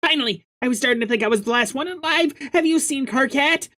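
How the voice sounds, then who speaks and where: A man voicing an excitable young female alien troll in a bubbly, rushed high voice while reading a webcomic aloud. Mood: alarmed, curious.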